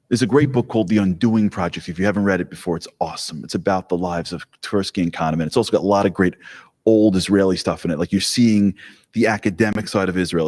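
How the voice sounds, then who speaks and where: A man giving a live talk to an audience, telling stories in an animated, joking way. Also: sits low. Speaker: speaker. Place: hall with an audience. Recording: long hall reverb.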